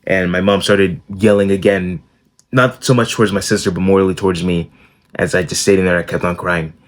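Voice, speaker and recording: A man's voice: low voice, steady tone, fairly quick. A young man telling a personal story in a blunt, casual vlog, swearing freely. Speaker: self-improvement YouTuber.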